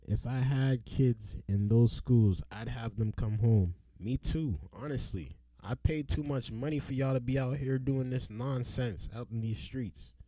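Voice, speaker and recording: A man giving casual, animated reaction commentary on news clips as a vlogger, exclaiming and repeating lines as he goes. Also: medium pitch, dry recording.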